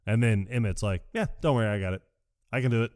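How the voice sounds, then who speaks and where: A man's somewhat low voice comes through close and dry, with no room sound at all. He's a podcast co-host giving a casual recap of a movie, moving scene by scene and acting out lines in quick, animated impressions.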